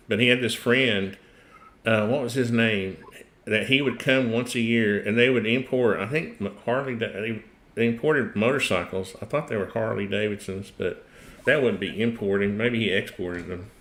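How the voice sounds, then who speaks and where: A man's voice: fairly low pitch, moderate pace, fairly bright tone. A middle-aged man with a Tennessee accent hosting a casual livestream, rambling, chuckling and trailing off mid-sentence. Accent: Tennessee Southern US. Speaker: host.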